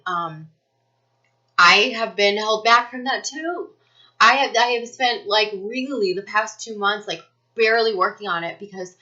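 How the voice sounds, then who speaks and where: A woman's voice: medium pitch, sharp tone. A woman giving a casual spiritual energy reading, talking earnestly and rambling with many fillers. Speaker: spiritual reader. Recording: muffled lo-fi recording.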